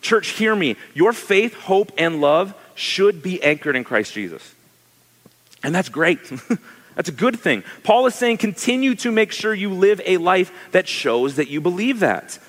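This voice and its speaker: A male pastor preaching a sermon in a conversational, animated way, asking his listeners questions. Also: high-pitched, a little slow, big-room sound.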